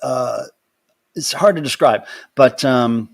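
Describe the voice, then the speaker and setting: A man's voice: mid-range voice, slow pace, vocal fry. A man hosting his weekly livestream from home, casually greeting viewers by name and rambling through announcements. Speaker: livestream host.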